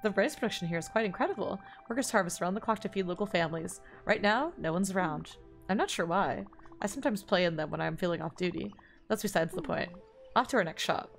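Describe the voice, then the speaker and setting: A woman reading aloud the lines of a chirpy island tour guide from a game, rattling them off quickly. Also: mid-range voice, lively intonation, vocal fry, faint music behind. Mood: brisk. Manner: rapid reading of game dialogue.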